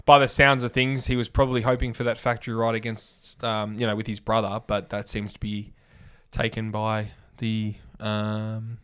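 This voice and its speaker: A man's voice: fairly low pitch, flat delivery, moderate pace, a bit bright, clear, resonant tone. A man co-hosting a casual motorsport podcast, talking in blunt, joking banter. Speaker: podcast co-host.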